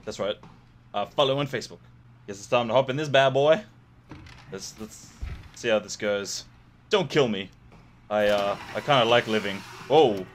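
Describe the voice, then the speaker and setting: A man's voice: lowish voice, moderate pace, long pauses, slight background noise. A young man giving gameplay commentary on a horror game, joking and swearing with jumpy reactions. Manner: jokey, profane, jumpy reactions. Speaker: gamer playing a horror game.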